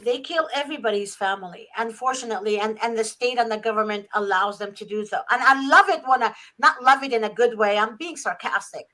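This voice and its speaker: A woman's voice: fairly high pitch, fairly quick, few pauses, bright, forceful tone. A woman hosting a talk show, speaking emphatically and with exasperation. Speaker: host.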